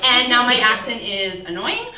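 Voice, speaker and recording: Woman in her 30s, stand-up comic, high bright voice with big swoops, roomy club sound from a distance. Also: expressive, normal speed, very noisy. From Southern US. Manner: chatty, self-deprecating, laughs at her own lines. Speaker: stand-up comedian. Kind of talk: stand-up set. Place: small comedy club before a live audience. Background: audience laughter.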